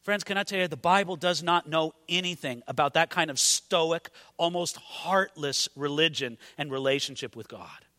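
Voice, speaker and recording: A man's voice: on the high side, normal speed, hardly any pauses, bright, forceful tone, long reverb tail. A man preaching a sermon with passion, his voice swelling and dropping for emphasis.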